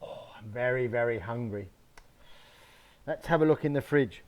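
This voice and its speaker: A man voicing a big bad hungry wolf while reading a picture book aloud to children, with drawn-out, menacing lines. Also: mid-range voice, a little mellow, natural voice.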